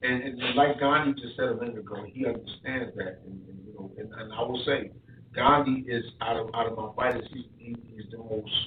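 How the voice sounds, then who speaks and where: A man's voice: mid-range voice, fairly even intonation, fairly quick, background noise. A man talking as a boxing coach on a podcast, repeating himself as he tells stories. He sounds far from the mic in an echoey room, with a thin, phone-like tone. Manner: repetitive, storytelling with stutters. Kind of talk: casual podcast chat.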